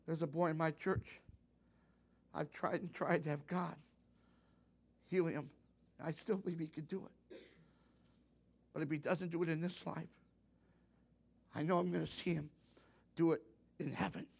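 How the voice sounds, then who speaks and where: An older man preaching a sermon to young people, folksy and direct, rising to loud fervent exclamations. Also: fairly high pitch, steady tone, unhurried, vocal fry, pauses often, breathy edge. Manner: folksy, addresses youth directly. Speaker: pastor.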